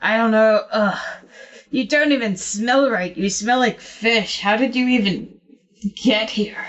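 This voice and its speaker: A woman's voice: fairly high pitch, unhurried, highs cut off, lightly acted. A woman voicing a whiny winged male monster with a scorpion-like tail, rambling its complaints in a tabletop game. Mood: aggrieved.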